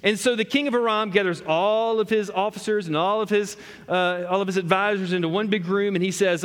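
A man's voice: sits high, fast. A man preaching a sermon, telling a story and talking straight to the congregation. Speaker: pastor. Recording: echoey hall.

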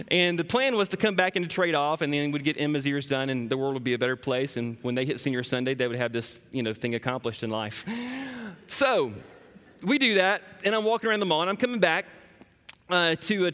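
Guy in his 30s preaching, telling funny family stories, forceful bright voice, big echoey hall. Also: high voice. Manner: animated, self-deprecating storyteller, laughs often. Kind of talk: storytelling sermon.

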